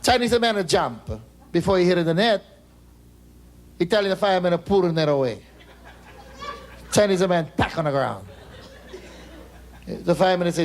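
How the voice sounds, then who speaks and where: Man, very high voice, live stand-up, chatty, stage mic. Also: a little slow, long pauses, slight background noise. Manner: lively, chatty, self-interrupting delivery. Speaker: comedian. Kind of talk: live stand-up joke telling.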